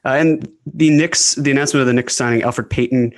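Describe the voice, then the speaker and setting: A man co-hosting a casual sports podcast, relaxed and easygoing. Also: medium pitch, quick pace. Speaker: podcast co-host.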